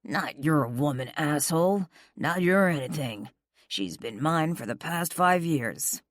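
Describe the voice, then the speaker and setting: A woman's voice: low-pitched, expressive, unhurried, no room sound, studio quality. A woman reading a protective, hot-headed young man who snarls threats, in an audiobook. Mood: angry. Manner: angry and threatening.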